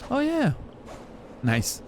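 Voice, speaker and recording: A man's voice: extremely high pitch, huge pitch swings, drawn-out words, a little hiss or hum. A man streaming a game, chatting casually in a rambling way with many restarts while he plays. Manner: rambling, chatty storyteller with frequent laughs and restarts.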